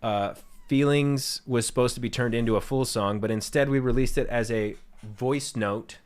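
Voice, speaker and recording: A man's voice: medium pitch, moderate pace. A young man streaming and talking casually about his own songs, candid and rambling, swearing freely. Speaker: streamer and musician. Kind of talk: casual livestream chat.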